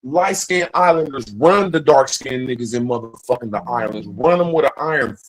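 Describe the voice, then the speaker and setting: A man's voice: medium pitch, moderate pace, low-quality recording. A man hosting a livestream, talking in a profane, rambling, emphatic casual rant. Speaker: livestream host.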